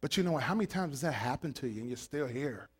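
A man preaching a sermon, swinging between shouted, fiery passages and quiet asides, calling out to the congregation. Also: mid-range voice, lively intonation, fast talker, breathy edge. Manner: calls out to the congregation.

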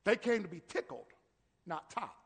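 High-voiced preaching man in a reverberant hall. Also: animated, normal speed, slightly rough. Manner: preaching with rising shouted emphasis and call-and-response. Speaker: pastor. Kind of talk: sermon. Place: church sanctuary.

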